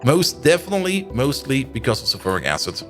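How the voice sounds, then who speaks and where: A man's voice: medium pitch, very animated, fast talker, a bit bright, faint music behind. A man streaming a game live, chatting and thinking aloud as he plays and laughing often. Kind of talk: live stream commentary while playing.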